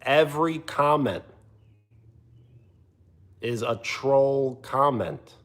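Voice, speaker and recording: A man live streaming, chatting casually and answering viewers' comments in an animated, teasing way. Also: drawn-out words. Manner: animated, teasing, often jumping higher in pitch.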